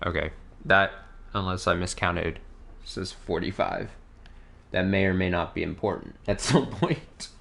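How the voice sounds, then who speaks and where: A man's voice: sits low, a little slow, vocal fry, fairly bright tone. A man hosting a let's play, rambling casually and reading the game's story text aloud. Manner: rambling, self-deprecating, swears casually.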